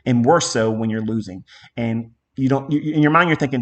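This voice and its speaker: A man's voice: medium pitch, a little fast. Emphatic, profane male trading mentor. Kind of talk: live trading lesson.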